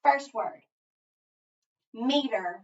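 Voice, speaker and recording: Patient teacher spelling aloud in echoey room. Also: female voice, on the high side, extremely slow, darkish tone. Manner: patient, step-by-step, sounding out letters one by one. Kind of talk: phonics spelling lesson. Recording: echoey room, far from mic, dull lo-fi.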